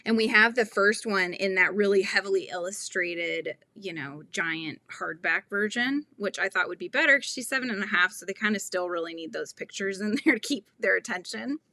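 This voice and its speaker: A woman's voice: mid-range voice, normal speed, hardly any pauses, sharp tone, no room sound. A woman in her thirties hosting a crochet tutorial stream, chatting casually and laughing often as she reads viewer comments. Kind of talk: casual livestream chat while crocheting.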